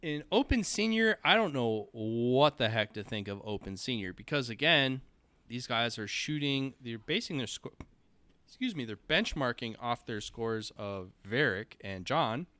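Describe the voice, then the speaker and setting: A man with a Minnesotan accent chats casually on a podcast, wandering through his points with frequent ums and restarts. His voice is bright and clean. The recording is dry and quiet. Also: mid-range voice, animated, measured pace, no echo. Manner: rambling, many ums and restarts. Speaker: podcast co-host. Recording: quiet, dry close-mic audio.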